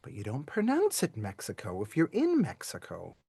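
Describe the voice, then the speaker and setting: A man's voice: on the low side, huge pitch swings, normal speed, gravelly, darkish tone, husky, no room sound. A man teaching a live online class to children, playful and chatty, quizzing students and asking them to type their answers in the chat.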